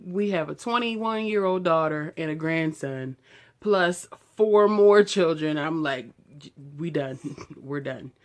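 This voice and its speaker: A woman in her early thirties, telling a personal story to camera in a candid, animated way. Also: low-pitched, takes it slowly. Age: 30s. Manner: candid, animated retelling, heated when quoting herself. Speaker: beauty vlogger.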